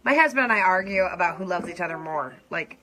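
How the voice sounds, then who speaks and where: A young adult woman chatting openly to her viewers as she does her makeup on a live stream, confiding and laughing softly. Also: lowish voice, expressive, fast talker, slight background noise, poor audio. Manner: warm, confiding, breaks into soft laughs. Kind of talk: casual heartfelt chat to viewers while doing makeup.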